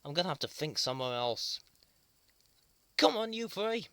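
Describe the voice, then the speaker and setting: Leo, a woman doing a calm toy leader. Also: low voice, no room sound, exaggerated voice. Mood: concerned. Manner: gentle, thoughtful, slow and reassuring. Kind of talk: children's toy puppet show.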